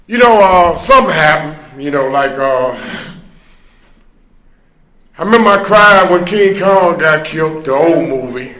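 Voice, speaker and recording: At a recovery meeting, a man with a high, bright voice gives his personal recovery testimony, taking his time and using lots of fillers in a drawn-out, conversational way. He's animated, telling it like a storyteller with loud emphatic bursts and rueful laughter. The room is echoey, like a meeting hall.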